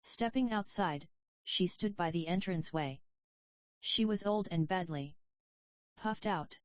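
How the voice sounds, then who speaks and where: A woman narrating a children's legend in a calm, measured storybook reading, recorded with a dull lo-fi sound. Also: lowish voice. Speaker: audiobook narrator.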